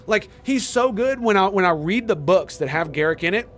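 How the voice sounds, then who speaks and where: A young man streaming a game and chatting casually, excited and rambling, full of "dude" and "man". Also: sits high, normal speed. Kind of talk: casual chat while streaming.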